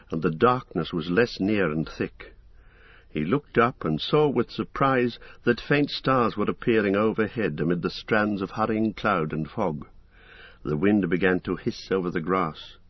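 A man reading a fantasy novel aloud with measured, dramatic storytelling. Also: sits low, husky, no room sound, lo-fi sound. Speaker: audiobook narrator. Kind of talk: scripted fantasy narration.

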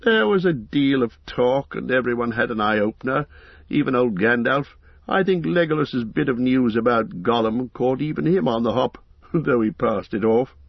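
A man's voice: medium pitch, lively intonation, normal speed, vocal fry, breathy edge, no echo, highs cut off. A man voicing an elderly male hobbit who talks in a chatty, fussing way.

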